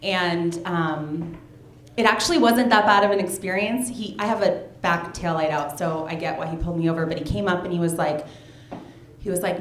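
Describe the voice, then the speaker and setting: A woman's voice: lowish voice, brisk. Offhand woman comic in an echoey room. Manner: chatty and offhand, full of "um" and "like", dry delivery. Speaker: stand-up comic. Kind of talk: stand-up comedy set. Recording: echoey room with live audience.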